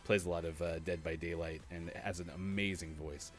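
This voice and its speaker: A man's voice: low voice, steady tone, normal speed, soft background music. A man in his thirties co-hosting a gaming morning show in casual chat, laughing often while telling anecdotes.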